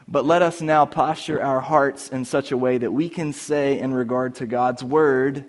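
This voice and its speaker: A man's voice: medium pitch, fairly even intonation, normal speed, few pauses. A pastor preaching a sermon to his congregation, conversational and playful, with humorous asides. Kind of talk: sermon with prayer. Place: church sanctuary before a congregation.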